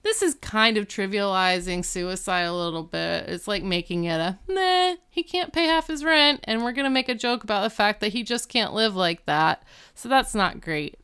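A woman chats casually as she recaps a story, her voice smooth and resonant and recorded close and dry. She tells it with animation, jumping up in pitch whenever she acts out what the characters say. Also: normal speed, a bit bright, no echo. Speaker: podcast co-host recapping an episode. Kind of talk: casual chat.

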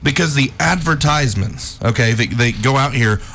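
A man's voice: medium pitch, moderate pace, vocal fry, fairly bright tone, a little hiss or hum. A man co-hosting a talk radio show, talking in emphatic, conversational political banter and repeating his points for emphasis.

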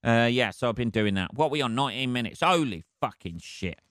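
A man's voice: mid-range voice, lively intonation, brisk, fairly bright tone, no room sound, clean studio sound. A man hosting a solo podcast, rambling casually with heavy swearing and laughing at his own jokes. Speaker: podcast host.

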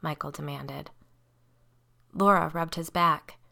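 A woman reading a horror story aloud, keeping her narration measured and dropping her voice low and quiet on the tags between lines. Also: creaky.

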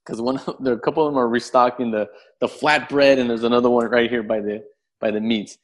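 Man, podcast guest, casual storytelling, animated, profane, average pitch. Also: fairly quick. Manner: animated, profane, acts out voices in his story.

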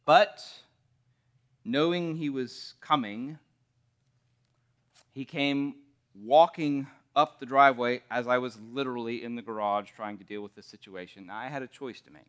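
A man's voice: mid-range voice, a little slow, long pauses, a bit bright. A man preaching a sermon in an earnest, emphatic way, telling vivid stories.

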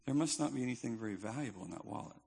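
A man's voice: medium pitch, expressive, rapid-fire, vocal fry, dark tone, slightly rough. A male pastor preaching a sermon in a conversational, emphatic style with touches of humor.

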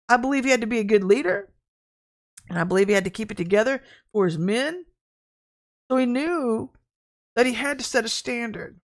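A woman preaching an informal online sermon, talking frankly and conversationally and telling lively stories from her own life. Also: sits high, fairly quick. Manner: candid, conversational, animated storytelling. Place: at home, in front of a camera.

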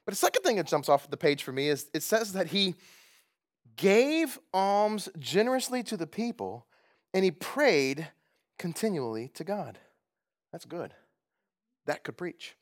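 A man preaching as a pastor, animated and jokey, laughing now and then. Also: on the high side, moderate pace. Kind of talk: sermon. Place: church gathering.

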